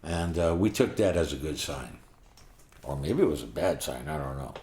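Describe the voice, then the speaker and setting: Brief: older male storyteller, low voice, loose and salty delivery, roomy sound. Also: animated, moderate pace, darkish tone. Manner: vivid, rambling, profane storytelling. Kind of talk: first-person storytelling.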